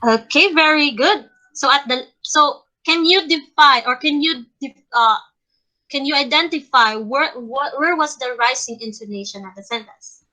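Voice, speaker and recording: A young woman playing a teacher in an online class, talking slowly and haltingly with many restarts. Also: sits high, bright, forceful tone, rough recording. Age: young adult. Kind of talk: role-played classroom lesson. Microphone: online call.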